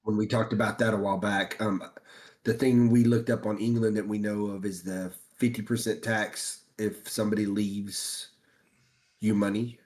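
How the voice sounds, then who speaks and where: A man's voice: lowish voice, level tone, normal speed, darkish tone. A man co-hosting a podcast in casual chat, telling easygoing stories. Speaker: podcast co-host.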